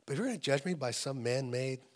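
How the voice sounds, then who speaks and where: A middle-aged man with a mid-range, expressive voice talks fast as he gives a sermon as a guest pastor at church. He echoes key phrases for weight, swinging from urgent, raised delivery to hushed, nearly whispered stretches.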